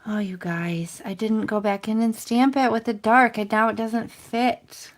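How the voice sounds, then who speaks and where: A woman's voice: on the high side, steady tone, unhurried. A woman in her thirties hosting a casual crafting livestream, chatting to viewers in a self-deprecating, rambling way. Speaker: crafting channel host. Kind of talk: casual livestream chat while stamping and coloring.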